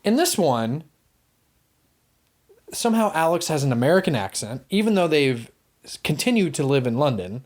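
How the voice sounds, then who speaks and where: A man co-hosting a podcast, chatting casually about movies in a rambling, animated way, swearing and acting out quotes. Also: a little high, moderate pace, pauses often. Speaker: podcast co-host.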